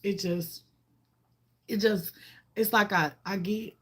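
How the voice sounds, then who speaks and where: A woman's voice: mid-range voice, fairly even intonation, takes it slowly, a bit bright, slightly rough. A woman, chatting on a livestream and greeting viewers, talking emotionally and heartfelt, often repeating herself. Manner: talks to viewers and greets them by name. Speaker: vlogger. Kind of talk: casual livestream chat.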